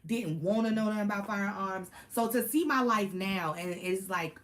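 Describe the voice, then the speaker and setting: A woman, chatting casually to camera about her Marine days, animated and full of slang and laughter. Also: mid-range voice, moderate pace. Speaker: Marine veteran vlogger.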